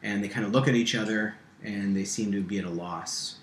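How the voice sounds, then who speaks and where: A man narrating as game master in a tabletop game, halting with many ums and restarts. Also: on the low side. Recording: echoey room with faint hiss.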